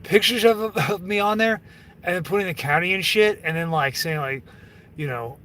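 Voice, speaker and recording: A man's voice: high-pitched, normal speed, bright, forceful tone, far from the mic. Man ranting profanely on a livestream. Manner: profane, rambling, many fillers and restarts. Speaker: livestream host reading chat. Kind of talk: casual livestream rant.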